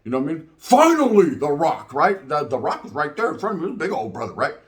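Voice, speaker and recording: A man's voice: fairly high pitch, big pitch swings, fast talker. A man in his forties telling a story and giving his opinion in casual, profane street talk, often tagging his lines with "right?". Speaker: reaction video host.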